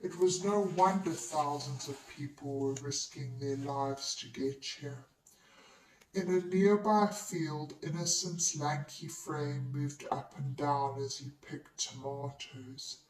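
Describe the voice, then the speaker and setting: An audiobook narrator reading a novel in the first person, in a steady, measured way. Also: mid-range voice. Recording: roomy echo, distant mic.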